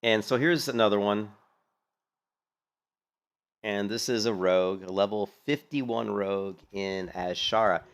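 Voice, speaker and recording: A man giving casual, rambling gaming commentary, animated, with lots of fillers and some swearing. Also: fairly low pitch, unhurried, pauses often, clean tone. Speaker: gaming streamer commentating on a hardcore game run.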